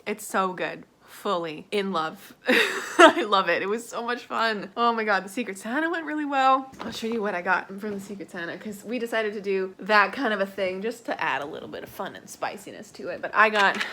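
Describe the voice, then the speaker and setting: A woman's voice: medium pitch, expressive, moderate pace, a little hiss or hum. Stuffy-nosed woman vlogging about books. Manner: emotional, laughs often, drops to soft whispers. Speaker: book vlogger. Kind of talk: casual vlog chat.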